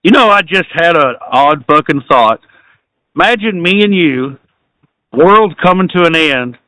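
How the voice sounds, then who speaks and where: A man from Southwest Missouri with a local accent, co-hosting a casual podcast, agreeable and quick to say yeah, swearing freely. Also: fairly high pitch, animated, sharp tone, dry recording, rough recording. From Southwest Missouri, USA. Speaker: podcast co-host. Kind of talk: casual live podcast chat.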